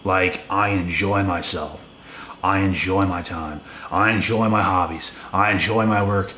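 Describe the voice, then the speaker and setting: A man's voice: low voice, fairly even intonation, a little slow, pushed and bright, a little hiss or hum. A young man in a blunt, casual rant to the camera, profane and emphatic, often repeating himself. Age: young adult. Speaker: video creator. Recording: echoey room with faint ambience.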